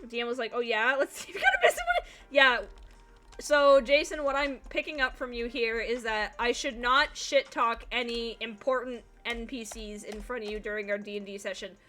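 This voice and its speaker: A woman's voice: on the high side, steady tone, normal speed, pushed and bright, soft background music. A woman streaming a video game, chatting casually and sleepily, swearing freely and laughing often. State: sleepy, yawning. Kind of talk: casual chat while playing a video game.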